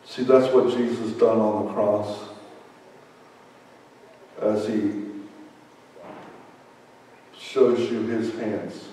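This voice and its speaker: Male pastor preaching slowly in an even, low voice; recorded from a distance in a reverberant hall. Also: slight background noise. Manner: storytelling with laughs and repeated words. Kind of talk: sermon. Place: church hall. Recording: echoey hall, mic far off.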